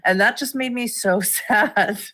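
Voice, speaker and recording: A woman co-hosting a gaming news show, presenting fan submissions in casual chat, easygoing and amused, with soft laughs. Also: mid-range voice, unhurried.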